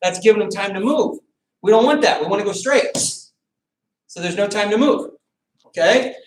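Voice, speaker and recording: A man's voice: high voice, expressive, moderate pace, slight background noise. Man coaching a boxing class in an echoey room. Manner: coaching, calls out counts and commands. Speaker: martial arts instructor. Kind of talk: teaching a beginner boxing class. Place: training room, teaching over a video call. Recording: echoey room, distant mic.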